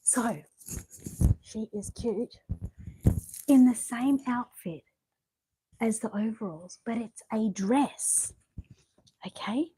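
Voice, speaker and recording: An Australian woman chatting casually at home as she shows off outfits, rambling and often dropping to a hushed voice. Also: fairly high pitch, slow, long pauses, slightly rough. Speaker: vlogger showing reborn dolls. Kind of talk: casual show-and-tell chat. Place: home bedroom.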